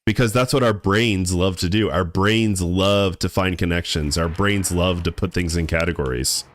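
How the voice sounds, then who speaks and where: Young guy streaming a game, real low voice, rambly and laid-back, trips over his words a lot. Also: moderate pace. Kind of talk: casual live-stream chat while gaming.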